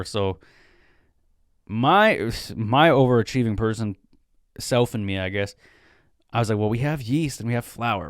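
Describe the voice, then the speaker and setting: Smooth low-voiced man chatting. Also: no echo, studio quality. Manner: rambling, joking asides. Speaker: podcast host. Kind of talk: casual solo chat.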